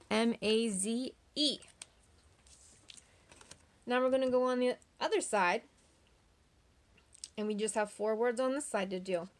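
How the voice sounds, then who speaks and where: Woman teacher doing a kids phonics lesson, slightly high voice, stretches out every sound nice and slow. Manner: slow, drawn-out sounding out of words; patient, encouraging questions to children. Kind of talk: online phonics lesson for young children.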